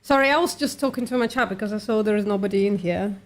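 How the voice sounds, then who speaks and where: A woman's voice: medium pitch, quick pace. A woman hosting a livestream who is losing her voice a little, reasoning aloud with many fillers in a casual voice-chat debate. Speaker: livestream host doing outreach calls.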